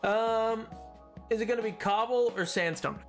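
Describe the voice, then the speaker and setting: This gamer has a high voice and a moderate pace, with faint music in the background. He's a young streamer who keeps up casual chatter, responding to questions aloud and wandering off playfully while frequently fixing what he's just said.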